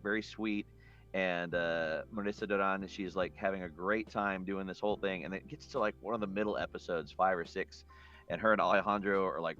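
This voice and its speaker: Guy on a panel, lowish voice, relaxed rambly storytelling, muffled lo-fi sound. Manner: relaxed, rambling, animated when telling stories. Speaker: anime voice director on a panel. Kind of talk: casual panel chat. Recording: dull lo-fi audio.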